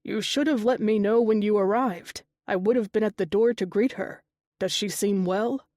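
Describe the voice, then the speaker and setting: A woman's voice: mid-range voice, moderate pace, a little mellow, no echo, clean studio sound, natural voice. A woman voicing a nervous, formal young king. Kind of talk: audiobook character dialogue.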